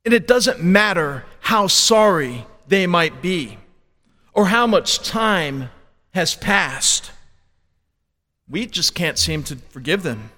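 A male priest with a high, very animated voice reads the Gospel and moves into his homily. He speaks slowly and deliberately, leaning on rhetorical questions. His words ring out with the long echo of a big church. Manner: slow, expressive preaching with rhetorical questions. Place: large church.

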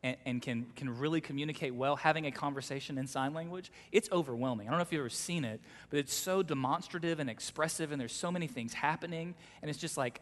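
A male pastor preaching a sermon, swinging between loud, emphatic exhortation and soft, close delivery. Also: fairly high pitch, quick pace, hardly any pauses. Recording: long hall reverb.

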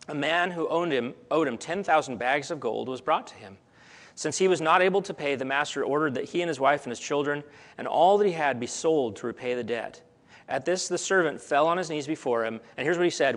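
A middle-aged man preaching with a gravelly, creaky edge to his voice. He tells the story in waves, pushing up to emphatic peaks, then falling back quiet and close. He restarts and repeats words as he works out his thoughts aloud. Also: medium pitch. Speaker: pastor. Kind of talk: sermon.

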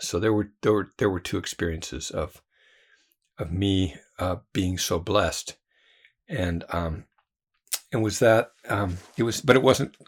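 A man with a low, husky voice, a Christian trainer and theologian, tells a personal story. He rambles, using many fillers and frequently restarting.

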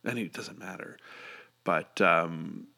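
A man's voice: sits low, slow, gravelly, bright, forceful tone. A middle-aged man telling stories in a casual, rambling monologue, swearing freely and full of fillers and restarts. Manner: rambling, profane and enthusiastic, many fillers.

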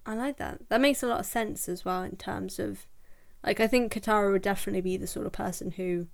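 A young woman with a posh British accent in casual podcast chat, thoughtful and quick to laugh. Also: mid-range voice, gravelly, no room sound. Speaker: podcast guest, video creator.

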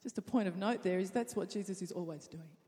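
A woman's voice: medium pitch, fast talker. Woman preacher in a reverberant hall. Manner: dramatic, swings from hushed to loud. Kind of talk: sermon.

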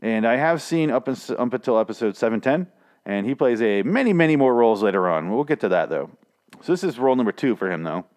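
A man's voice: mid-range voice, big pitch swings, quick pace, darkish tone. A man casually recapping a TV episode, swearing and sarcastic, rambling with lots of restarts. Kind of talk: casual spoken recap and review.

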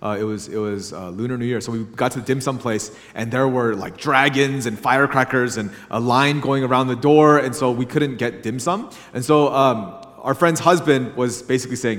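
A young adult man preaching as a pastor, telling a story in a chatty, animated way. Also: medium pitch, moderate pace, hardly any pauses. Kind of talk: sermon with casual storytelling. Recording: long hall reverb.

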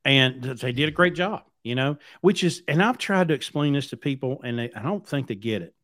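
The podcast host, who runs a trucking company, speaks briskly and with animation in a medium-pitched, fairly bright voice. He tells a long, casual story bluntly, rambling and repeating himself. The recording is clean studio audio without room sound.

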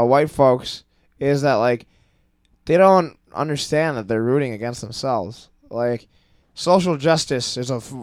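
A young man in a casual podcast chat, getting worked up and swearing as he talks. His voice is clear and resonant. It sits at a middle pitch and sounds dry and close to the mic. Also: dry recording. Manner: animated, ranting, swears freely. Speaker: podcast guest.

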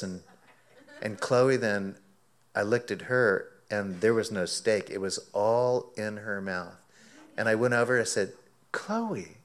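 Low-voiced man preaching through a story. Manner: animated storytelling, acts out his own quoted words. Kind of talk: sermon illustration told as a story.

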